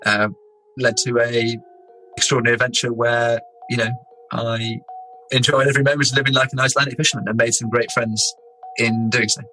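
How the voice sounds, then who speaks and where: A man from England, an explorer, telling an adventure story in a lively, anecdotal way and slipping into other people's voices. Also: medium pitch, fairly quick, soft background music, rough recording. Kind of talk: animated storytelling interview.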